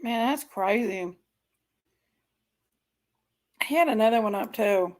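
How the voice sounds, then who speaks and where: Woman streamer, higher voice, unhurried delivery, indignant, talks straight to chat. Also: lively intonation. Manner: indignant, exasperated, keeps apologizing to viewers. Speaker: live-stream host reacting to videos. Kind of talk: live-stream reaction commentary to chat.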